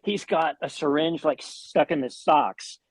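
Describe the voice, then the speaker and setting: A man's voice: on the high side, a little slow, no echo. Guy telling a crazy band story, lots of swearing and restarts, dry close mic. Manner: animated anecdotes with swearing and restarts. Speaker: guest musician. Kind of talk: storytelling in an interview.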